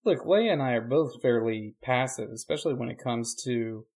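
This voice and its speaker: An easygoing preacher co-hosting a podcast, he thinks out loud in a relaxed, reflective way. He drops dry, deadpan jokes into the conversation. His voice sits in a middle register for a man. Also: mid-range voice, moderate pace, slightly rough. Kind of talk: casual chat.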